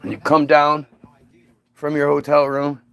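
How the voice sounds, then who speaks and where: A man's voice: on the high side, completely flat delivery, measured pace, a bit bright, clean tone. A male comedian telling a rambling, profane story that casts the listener as "you.". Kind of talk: stand-up storytelling.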